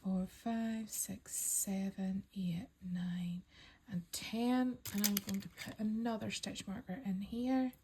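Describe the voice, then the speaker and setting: A woman calmly talking learners through a crochet pattern step by step, counting stitches aloud and reassuring them. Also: mid-range voice, takes it slowly, background noise. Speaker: crochet instructor. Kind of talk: step-by-step craft tutorial.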